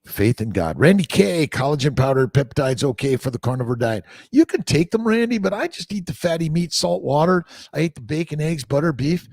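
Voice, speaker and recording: A man's voice: on the high side, animated, brisk, creaky, few pauses, darkish tone, dry recording, clean studio sound. A man, a fertility doctor, answering viewer questions on a casual livestream, blunt and profane as he jumps from topic to topic. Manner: reads out viewer comments and answers them.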